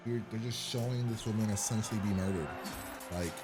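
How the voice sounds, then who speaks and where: Deep-voiced man swearing at the screen. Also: brisk, music in the background. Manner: blunt, profane, incredulous questions at the screen. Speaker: reaction host. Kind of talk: casual first-time reaction to a TV episode.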